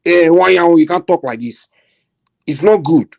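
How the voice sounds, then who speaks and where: A fairly high-voiced man with a Nigerian Yoruba accent hosts a heated political talk. He speaks bluntly and with open indignation, moving between Yoruba and English. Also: moderate pace, vocal fry, darkish tone. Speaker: host.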